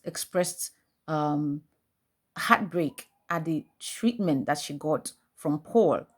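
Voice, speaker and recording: A woman's voice: low-pitched, darkish tone. A woman host and life coach, recounting a news story in casual commentary and translating a clip as it plays. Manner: recounting and translating a clip line by line, acting out quoted speech.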